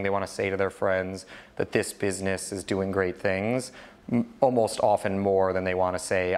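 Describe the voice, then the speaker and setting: A man in his thirties giving an informal, candid talk about startups, rambling with many restarts. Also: low-pitched. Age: 30s. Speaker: guest speaker, entrepreneur.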